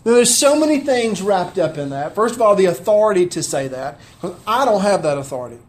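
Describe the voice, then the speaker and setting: A man's voice: sits high, big pitch swings, brisk. A man preaching a sermon, conversational and heartfelt, often asking his listeners questions. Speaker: pastor.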